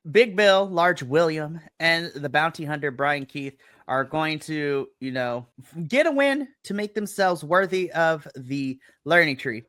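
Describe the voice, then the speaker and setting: A man co-hosting a wrestling podcast, recapping the show in a playful, animated way and acting out quotes. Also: on the high side, no room sound, studio quality. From US West Coast. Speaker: podcast co-host. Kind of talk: casual chat, wrestling review. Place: home.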